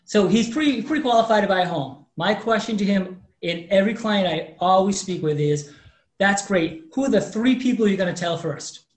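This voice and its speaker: A high-pitched man in his fifties, guesting in an interview as a mortgage professional, shares something from his own life at a moderate pace. He performs quoted dialogue with lively energy, and the recording carries a roomy echo.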